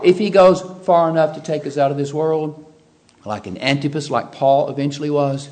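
A man's voice: fairly high pitch, normal speed. Man preaching an emphatic sermon. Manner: emphatic, swinging between quiet asides and loud exclamations.

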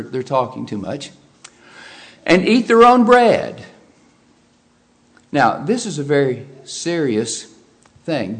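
A man preaching a sermon, stressing and repeating key phrases, moving between forceful emphasis and quieter explanation. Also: medium pitch.

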